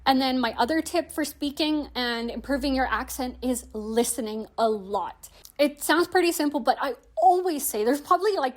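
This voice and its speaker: Young woman vlogging language tips, kinda high voice, friendly and chatty, says like a lot. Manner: chatty, friendly, frequent "like" fillers. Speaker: language-learning video host. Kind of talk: casual explanatory vlog.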